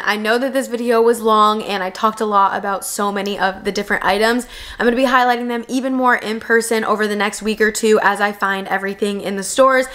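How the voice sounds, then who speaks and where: A woman's voice: mid-range voice, a bit bright. A young woman vlogger gushing over home decor pieces in a voice-over review, enthusiastic and chatty. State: new mother.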